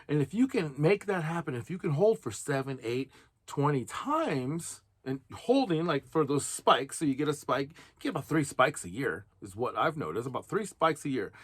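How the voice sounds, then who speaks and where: Animated man explaining in a dry close sound. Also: mid-range voice, no room sound. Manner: animated, explains with rising and falling emphasis. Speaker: vlogger giving financial advice. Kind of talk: casual monologue.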